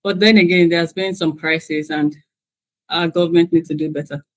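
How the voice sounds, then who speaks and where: A man from Nigeria, a guest in an interview who speaks in a measured, thoughtful way with light laughs. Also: fairly high pitch, steady tone, a bit bright, no echo. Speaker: guest, finance executive. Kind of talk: casual conversational interview.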